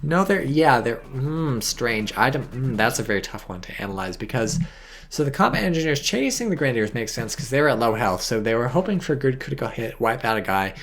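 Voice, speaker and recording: A tipsy man doing casual, rambling game commentary as a shoutcaster, swearing freely and making self-mocking asides. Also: medium pitch, big pitch swings, a little fast. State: tipsy from wine.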